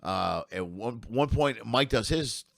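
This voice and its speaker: Gravelly middle-aged man telling road stories. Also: mid-range voice, expressive, takes it slowly, a bit bright, no echo, clean studio sound. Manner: rambling, swearing road-story teller. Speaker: comedian guest. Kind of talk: casual storytelling chat.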